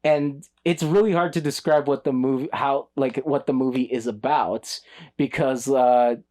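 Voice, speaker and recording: Casual male podcast co-host, animated, breaks into silly character voices. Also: medium pitch, moderate pace. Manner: animated, acts out movie lines in funny voices. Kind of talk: casual film review chat.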